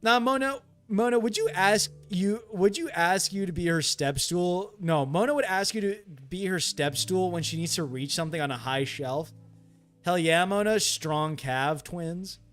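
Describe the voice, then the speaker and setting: Man, game streamer, high voice, joking with chat, easily startled, faint background music. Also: normal speed, a bit bright. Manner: joking, reads and answers chat; jumpy, yelps when startled. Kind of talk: casual live gameplay chat.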